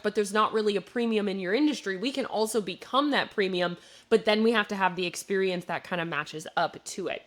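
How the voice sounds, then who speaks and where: A young woman from Wisconsin with a Midwestern accent, hosting a business podcast and explaining marketing in a relaxed, conversational way with plenty of fillers. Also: medium pitch. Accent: Midwestern American. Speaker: podcast host, marketing coach. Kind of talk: solo business podcast commentary.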